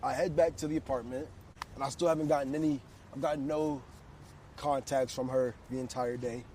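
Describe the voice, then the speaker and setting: A man's voice: medium pitch, steady tone, brisk, dark tone, far from the mic, slight background noise. A man in his twenties telling a story from his own life in a casual, slangy way, swearing freely. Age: 20s.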